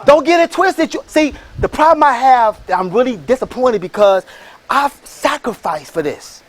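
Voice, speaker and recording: A man giving a motivational talk, rallying the crowd with call-and-response and shouted bursts. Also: very high voice, big pitch swings, moderate pace. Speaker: motivational speaker and franchise entrepreneur. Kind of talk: motivational speech.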